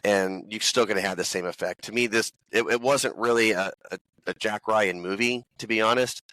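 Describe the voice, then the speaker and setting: Candid low-voiced male guest, dry sound. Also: fairly quick, a bit bright, no echo, poor audio. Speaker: podcast guest. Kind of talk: casual chat.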